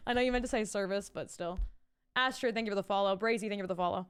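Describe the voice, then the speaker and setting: A woman's voice: medium pitch, quick pace, fairly bright tone, clear, resonant tone. A woman streamer chatting casually at home, rambling, swearing freely and thanking viewers. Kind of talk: casual live-stream chat reading out viewer messages.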